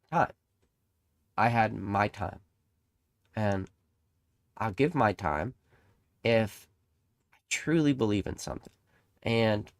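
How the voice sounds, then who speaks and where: A young man with a fairly low voice hosts a trading card channel, delivering a casual, rambling monologue. He turns emphatic, swears freely and puts on acted-out voices while telling stories, in a dry, close recording.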